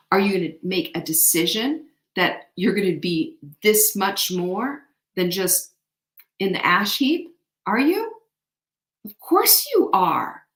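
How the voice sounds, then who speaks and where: Emphatic woman, echoey room. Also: medium pitch. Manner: animated, emphatic, faith-inspired encouragement. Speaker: show host. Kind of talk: motivational talk.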